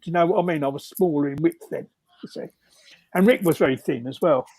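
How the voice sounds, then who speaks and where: Chuckling older man, husky. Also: on the high side, quick pace, dry recording. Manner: chuckling, lively, rambling. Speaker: guest. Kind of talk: anecdotal storytelling.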